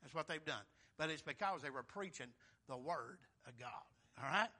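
Man, preacher, high voice, folksy and emphatic, swinging loud and soft. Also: lively intonation, moderate pace. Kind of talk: sermon.

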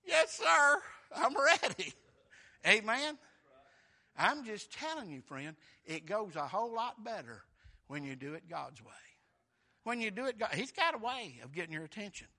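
A man's voice: sits high, sing-song, normal speed, bright, forceful tone. A man preaching a sermon, telling the story in a folksy way and acting out the voices.

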